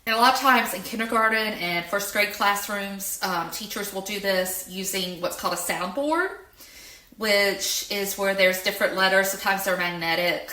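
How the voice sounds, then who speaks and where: Bright-voiced woman teaching in an echoey room. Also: medium pitch. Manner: slow, clear, with stressed sounds on example words. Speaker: educator. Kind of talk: explanatory lesson.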